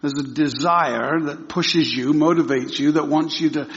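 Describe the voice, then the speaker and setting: Halting man preaching in an echoey hall. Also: fairly high pitch, fairly even intonation, slight background noise. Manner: halting, many restarts and frequent throat clearing. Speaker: lay preacher on a church teaching team. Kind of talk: casual sermon with jokes. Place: church hall. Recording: echoey hall, dull lo-fi sound.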